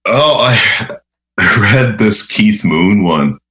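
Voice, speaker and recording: Guest: very low-voiced man, unhurried, chuckles through goofy stories. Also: animated, pushed and bright. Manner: laughing, rambling anecdotes, says "eh". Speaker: radio host guest. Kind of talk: casual storytelling.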